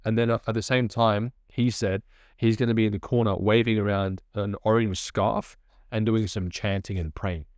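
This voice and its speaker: Man, testimony storyteller, lively and chatty, slightly low pitch, dry close sound. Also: normal speed, no echo. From Australia. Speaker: person giving a testimony.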